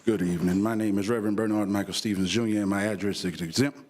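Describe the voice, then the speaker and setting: A man's voice: lowish voice, steady tone, fast talker, a little mellow, slight background noise. A man, a reverend, giving an earnest, conciliatory public comment at a podium microphone in a city commission chamber, with a preacher-like cadence.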